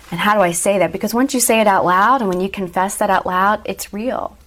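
A young woman speaks as an interview guest, recounting a personal story in an earnest, emotional way. She sits at a medium pitch and now and then breaks into a soft laugh. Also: moderate pace.

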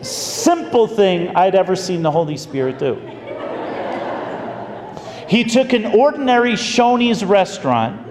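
A man preaching as a pastor, telling a story in an animated, folksy way. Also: high-pitched, background noise. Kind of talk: storytelling sermon. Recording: echoey hall with faint ambience.

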